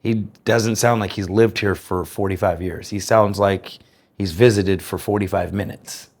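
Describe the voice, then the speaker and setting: An American man telling his personal story in an interview, speaking in a reflective, earnest way with careful, clear enunciation. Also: fairly low pitch, fairly even intonation, normal speed, darkish tone. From United States.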